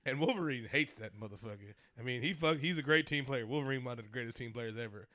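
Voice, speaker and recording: A man's voice: medium pitch, fast talker, sharp tone, no echo. A man in his thirties in casual podcast chat, joking, swearing freely and rambling a little. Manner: profane, joking, loose and rambling. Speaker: podcast co-host.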